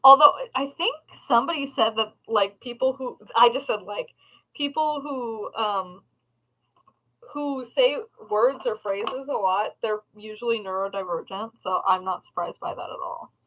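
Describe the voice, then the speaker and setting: A woman's voice: a little high, unhurried, sharp tone, poor audio. A young woman hosting a crafting livestream from home, rambling in casual chat, swearing freely and laughing at herself.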